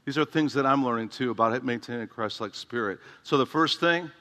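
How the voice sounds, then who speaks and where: Bright-voiced pastor preaching in a hall. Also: male voice, mid-range voice, fairly quick. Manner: conversational preaching with humor and emphatic repetition. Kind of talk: sermon. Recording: long hall reverb.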